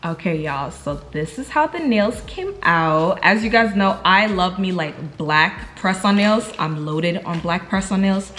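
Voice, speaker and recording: A woman's voice: fairly low pitch, lively intonation, unhurried, hardly any pauses, a bit bright, a little hiss or hum. Chatty young New York woman vlogging. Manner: chatty, slangy, talks straight to viewers as "y'all". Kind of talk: casual chat to camera.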